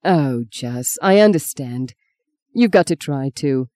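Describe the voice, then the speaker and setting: An audiobook reader voicing a gentle, kind young priest who talks in a soft, reassuring way. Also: mid-range voice, expressive, slow, dry recording, clean studio sound. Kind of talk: audiobook reading.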